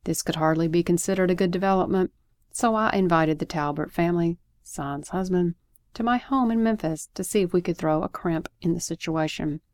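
A woman reading her own story aloud, expressive and lively, with asides. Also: fairly low pitch, a little fast, no echo, clean studio sound.

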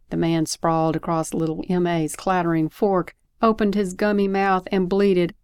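A woman reading her own story aloud, expressive and lively, with asides. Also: on the low side, normal speed, few pauses, clean tone, no room sound, studio quality.

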